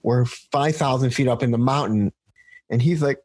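A man's voice: medium pitch, normal speed, a little mellow, breathy edge, no echo. Rambling man telling a story. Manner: rambling storytelling with many restarts. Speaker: podcast host. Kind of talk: casual conversation.

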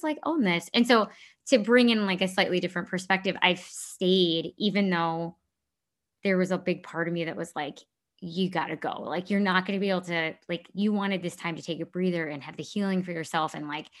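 A woman's voice: lowish voice, fairly even intonation, brisk. A woman talking candidly about her life in a casual chat, rambling and correcting herself as she goes. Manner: rambling, self-correcting, earnest.

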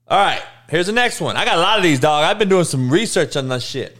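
A man's voice: high-pitched, sing-song, normal speed, hardly any pauses, fairly bright tone. A man who coaches youth, ranting comically in a profane, emphatic way. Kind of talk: comedic rant.

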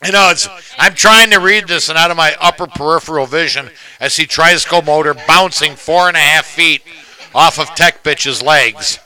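A man's voice: fairly high pitch, moderate pace, sharp tone, rough recording. A man hosting a casual podcast, reading news items aloud and riffing with crude jokes. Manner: joking, profane, reads news aloud then riffs.

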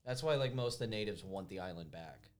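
Casting: man, low voice with lots of pitch movement, hesitant casual talker. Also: animated, fairly quick. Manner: hesitant, searching for words. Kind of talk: casual chat.

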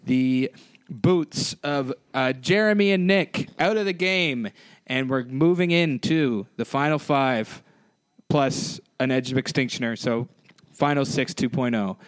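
A man's voice: mid-range voice, unhurried, clear, resonant tone, no room sound. A young man co-hosting a podcast, talking casually with apologetic, rambling restarts. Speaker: podcast co-host.

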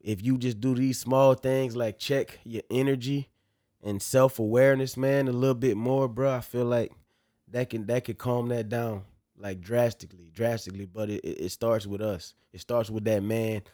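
A man's voice: mid-range voice, steady tone, normal speed, warm tone, no room sound, clean studio sound. A man with a Louisiana accent hosting a casual podcast, joking and slangy. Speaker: podcast host.

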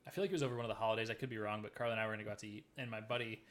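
Fast-talking man telling a story. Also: fairly low pitch, fairly even intonation, fairly bright tone. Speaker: podcast co-host. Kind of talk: casual chat.

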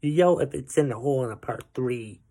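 A man's voice: mid-range voice, a little fast, mellow. A man hosting a podcast, ranting about everyday annoyances with profanity and sarcastic asides. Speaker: podcast host. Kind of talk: ranting commentary.

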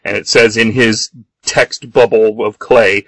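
Gravelly man recapping a comic. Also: on the low side, steady tone, unhurried, no room sound. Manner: reads comic dialogue aloud with small voice shifts. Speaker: podcast co-host. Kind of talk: casual comic book recap.

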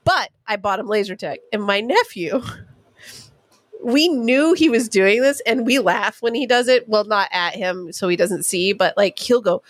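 A woman from California who co-hosts a talk show shares candid family stories in casual conversation, laughing and swearing as she goes. Her mid-range voice is expressive and unhurried, with no echo.

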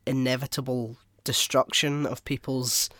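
A man's voice: mid-range voice, flat delivery, unhurried, fairly bright tone, dry recording. A man chatting casually as a podcast co-host, mostly reacting with short interjections. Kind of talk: casual chat.

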